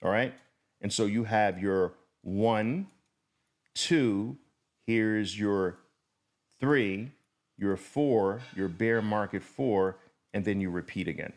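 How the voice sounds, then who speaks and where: A man teaching a trading lesson, drawing as he explains and checking in with the viewer. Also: lowish voice. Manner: deliberate, drawing while explaining, repeats and checks in with "okay?". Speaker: trading instructor.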